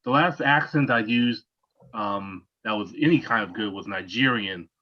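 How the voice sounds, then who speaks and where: A man, a stage actor, talking modestly and hesitantly on a video call, with soft laughs. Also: on the low side, normal speed. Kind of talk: casual video call chat. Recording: muffled lo-fi video call audio.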